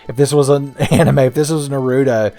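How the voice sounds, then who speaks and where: A man's voice: medium pitch, steady tone, a little fast, dark tone. A man in his thirties giving casual gameplay commentary as a let's play host, with jokey, sarcastic and profane asides. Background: faint game music.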